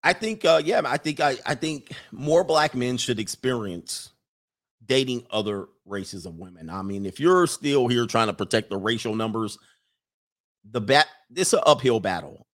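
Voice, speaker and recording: A man hosting a casual livestream, reading viewer messages aloud and answering in an animated, joking way. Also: mid-range voice, normal speed. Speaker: livestream host reading super chats.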